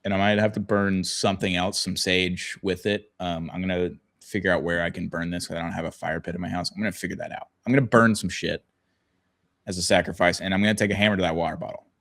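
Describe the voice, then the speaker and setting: Deep-voiced young man, casual podcast chat. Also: flat delivery, quick pace, vocal fry, fairly bright tone. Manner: rambling, swears casually, jokey. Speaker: podcast co-host.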